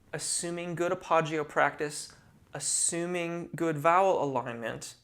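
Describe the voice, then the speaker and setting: A man teaches singing, explaining vocal technique patiently and in measured terms, using technical singing vocabulary. His voice sits on the high side with a fairly bright tone.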